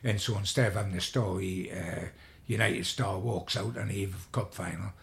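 A man's voice: deep voice, steady tone, normal speed, vocal fry, fairly bright tone. An older man, a sports journalist, telling long rambling anecdotes in an interview, with frequent restarts.

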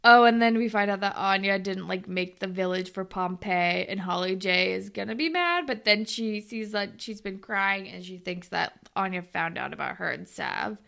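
A young woman in casual chat, recapping a TV episode with a friend, animated and swearing freely, acting out what the characters say. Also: medium pitch, normal speed, gravelly, few pauses. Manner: animated, acts out quotes with big swings, swears freely. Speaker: podcast co-host recapping a TV episode.

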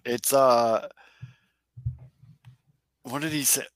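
A man's voice: medium pitch, steady tone, extremely slow, no room sound. A man co-hosting a sports podcast, telling stories animatedly and swearing casually. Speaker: podcast co-host.

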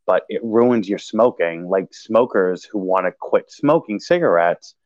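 A man casually telling a personal story in a halting way, with many restarts and fillers. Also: deep voice, expressive, darkish tone, dry recording, highs cut off. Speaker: podcast guest sharing recovery story.

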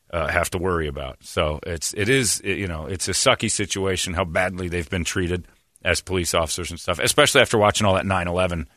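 A man chatting on talk radio, spinning a story with lots of energy and loud acted-out quotes. His voice is bright and forceful. The sound is dry and close to the mic. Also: deep voice, no room sound. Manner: animated storyteller, acts out quotes loudly. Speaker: radio show host.

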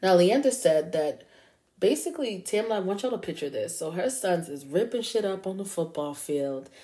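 A woman hosts a true-crime podcast in a casual, chatty storytelling voice. Her voice sits a little low and sounds mellow and warm. She talks to listeners as y'all and drops curse words freely. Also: animated, normal speed. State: up late at 3 a.m. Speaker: podcast host.

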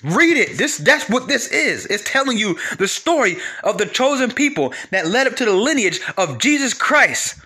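A man preaching about the Bible in a casual, animated way, talking straight to his listeners and repeating lines for emphasis. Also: very high voice, moderate pace, few pauses, husky.

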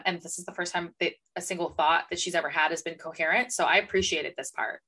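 An opinionated young woman talks on a podcast with a bright, clear tone in a fairly low register. She sounds emphatic and throws in casual swearing. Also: fairly even intonation, fast talker, hardly any pauses. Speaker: podcast co-host. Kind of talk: casual chat.

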